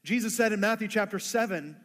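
A man's voice: sits high, brisk, a bit bright, big-room sound. A man preaching a sermon who acts out everyday conversations in playful voices. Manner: acts out dialogue in funny voices. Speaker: pastor.

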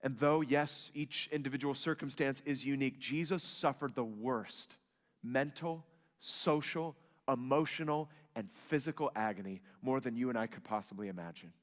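A man preaching a sermon, swinging from loud emphatic rises to soft hushed lines. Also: medium pitch, normal speed. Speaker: pastor. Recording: long hall reverb.

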